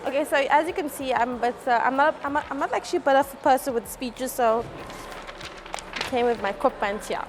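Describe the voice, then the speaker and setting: A woman's voice: high-pitched, a little fast, over music. A woman, a customer relations manager, telling a group how her career started, speaking hesitantly with many ums and restarts. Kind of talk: workplace career talk. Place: car dealership indoors.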